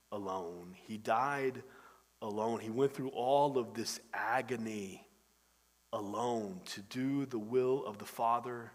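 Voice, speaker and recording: A man preaching a sermon, moving between loud emphatic stretches and hushed, intense passages. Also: a little high. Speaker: pastor. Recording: long hall reverb.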